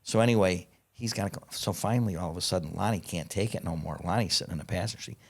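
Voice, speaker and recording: A man telling stories as a podcast guest in casual chat, excitable and profane, swearing as he talks. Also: deep voice, quick pace, vocal fry, breathy edge. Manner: excitable, profane, animated storyteller.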